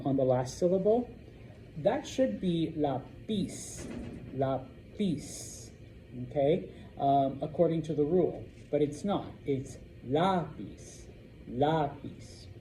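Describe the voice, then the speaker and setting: A man teaches a roomful of students, his voice deep-toned and mellow. He lingers on each word, repeating it slowly so the class can hear the stress, with a faint hiss in the background. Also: poor audio. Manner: repeats words slowly to model pronunciation. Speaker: Spanish teacher. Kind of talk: classroom lesson.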